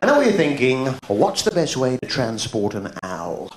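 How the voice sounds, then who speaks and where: An English man performs live stand-up comedy in a surreal, bouncy manner, his pitch swooping about as he throws in a quizzical "hmm?" and sudden high-pitched shouts. His voice rings through a large, echoey theatre, captured on an old video tape with plenty of background hiss. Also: very animated, normal speed, a loud crowd. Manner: surreal, absurd non sequiturs punctuated by a quizzical "hmm?". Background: audience laughter.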